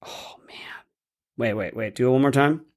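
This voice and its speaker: A man co-hosting a podcast in casual chat, animated and exclaiming often. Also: medium pitch, normal speed. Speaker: podcast co-host.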